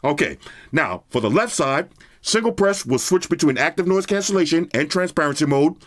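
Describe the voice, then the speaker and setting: A man's voice: on the high side, animated, moderate pace, fairly bright tone, no room sound, clean studio sound. A man casually reviewing earbuds on his channel, chatting straight to viewers in slang. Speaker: product reviewer. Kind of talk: casual tech review vlog.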